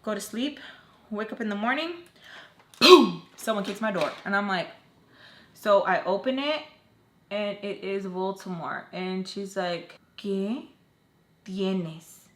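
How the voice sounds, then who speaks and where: A young woman in her twenties telling an emotional storytime for her vlog, animated and dropping in Spanish slang. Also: mid-range voice, a little slow, long pauses. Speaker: vlogger. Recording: echoey room.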